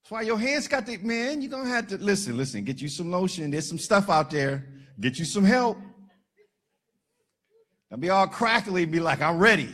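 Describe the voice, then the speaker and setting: A man preaching a sermon as pastor, animated and joking with the congregation, shouting at times for emphasis. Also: sits high, moderate pace, pauses often.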